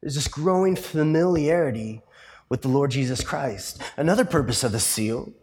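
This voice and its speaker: A man's voice: mid-range voice, expressive, moderate pace, darkish tone. A male pastor preaching a sermon in a conversational storytelling way, full of fillers and tag questions. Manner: rises to passionate emphasis in the closing points.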